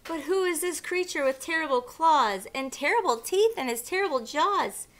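A woman voicing a small, clever male mouse in a children's storybook, squeaky and excitable. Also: moderate pace, slight background noise. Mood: fearful.

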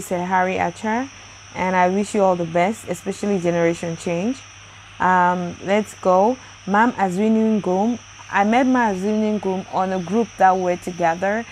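A chatty woman hosting a daily Bible reading show, talking in a loose, effusive way and often breaking into exclamations. Her voice sits at an ordinary middle pitch for a woman. Faint crickets and insects chirp quietly behind her. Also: slight background noise, poor audio. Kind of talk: casual chat with birthday shout-outs.

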